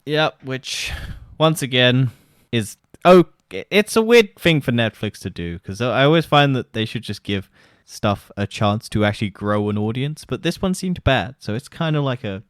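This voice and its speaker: A man's voice: medium pitch, lively intonation, moderate pace, clear, resonant tone, no room sound, studio quality. A man co-hosting a podcast in casual chat, blunt and scoffing, swearing freely. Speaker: podcast co-host.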